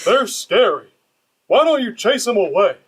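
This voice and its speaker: Brief: man playing an eager, very high-pitched lion cub. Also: big pitch swings, measured pace, fairly bright tone, slightly rough, exaggerated voice. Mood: curious. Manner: eager, questioning. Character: young male lion cub, curious. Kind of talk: live staged script reading.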